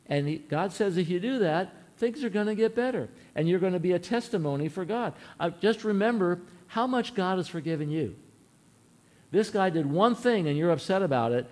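A man's voice: high-pitched, a little mellow. A man preaching a sermon in an earnest, folksy way, telling a personal story and asking his listeners questions.

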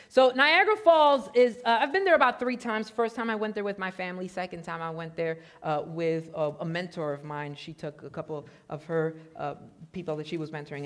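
A man from Puerto Rico preaching a sermon, excitable and prone to getting loud, telling stories with self-deprecating humor. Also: high voice. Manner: excitable, gets loud when animated. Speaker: pastor.

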